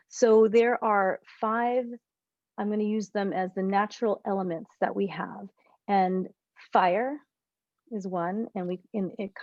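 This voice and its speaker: Leading a group session by video call, a woman relationship coach explains with animated rambling, repeatedly stopping to correct herself and begin sentences again. Her voice is mid-range, the recording lo-fi with no room sound.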